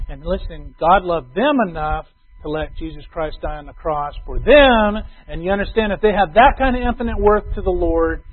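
High-voiced pastor preaching on a tinny line. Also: male voice, husky. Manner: conversational preaching, swings between loud emphasis and soft asides. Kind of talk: sermon. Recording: tinny phone-like sound.

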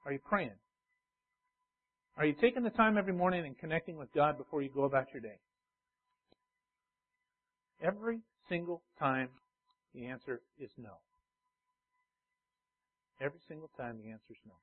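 A man's voice: fairly high pitch, animated, normal speed, long pauses. A male pastor preaching a sermon, repeating key phrases and building in intensity. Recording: tinny phone-like sound.

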